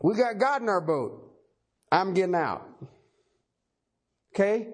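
A man's voice: high voice, sing-song, slow. A man preaching a sermon, emphatic and folksy, repeating key phrases for effect.

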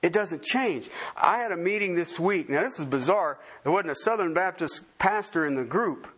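Man preaching a sermon; emphatic, repetitive, dynamic swings, somewhat high-pitched. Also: lively intonation, normal speed, a bit bright, slightly rough. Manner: emphatic, repeats phrases for stress. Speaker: pastor.

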